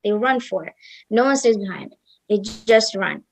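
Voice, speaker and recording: A young woman telling a devotional story at a satsang in a casual, lively way, acting out the characters' lines. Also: mid-range voice, moderate pace, low-quality recording. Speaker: satsang speaker.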